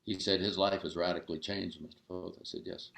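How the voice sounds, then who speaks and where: Gravelly deep-voiced older male storyteller. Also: fairly quick, reverberant. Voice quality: gravelly low voice. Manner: animated storyteller who acts out dialogue. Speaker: guest author and storyteller. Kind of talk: storytelling in an interview.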